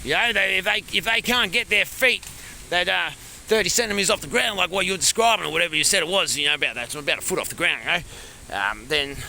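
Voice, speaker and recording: A man's voice: high-pitched, quick pace, gravelly, bright, forceful tone, slight background noise. A man with a broad Australian accent delivering a rambling comic monologue as a larrikin bushman, recorded outdoors in the countryside. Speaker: comedy character vlogger.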